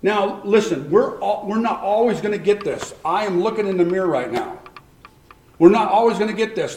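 A man's voice: high voice, expressive, normal speed, a little mellow, a little hiss or hum. A man preaching a sermon in a conversational way, acting out what people in the text might say. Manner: conversational preaching, acts out voices with laughs. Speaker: pastor. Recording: roomy echo.

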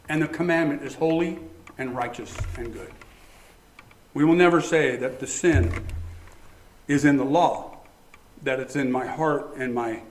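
A male pastor delivers a sermon in a lively preaching manner, tossing rhetorical questions at his listeners. His voice sits slightly high for a man. The sound carries the reverberant echo of a large room. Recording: echoey room.

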